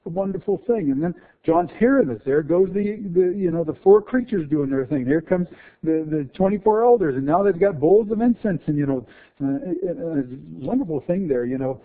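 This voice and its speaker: A man preaching an expository sermon, swinging between hushed explanation and fervent emphasis, over a tinny, phone-like sound. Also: fairly high pitch, expressive, moderate pace.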